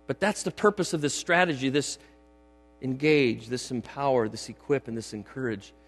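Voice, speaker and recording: A man's voice: medium pitch, moderate pace, breathy edge. A middle-aged man preaching a sermon in a church, emphatic and conversational, often checking in with the congregation. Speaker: pastor. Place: church sanctuary. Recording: long hall reverb with mains hum.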